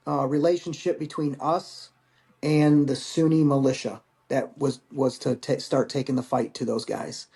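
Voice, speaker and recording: Vet guy in his 40s rambling thru old stories, kinda high voice, mellow, swears a lot. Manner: candid, rambling, swears casually. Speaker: podcast guest, Marine veteran. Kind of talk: casual storytelling.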